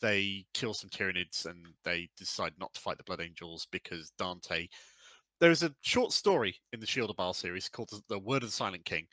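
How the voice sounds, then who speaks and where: A man's voice: deep voice, fairly quick, pushed and bright, no room sound, rough recording. A man co-hosting a podcast in casual chat, rambling with fillers and the odd swear. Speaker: podcast co-host.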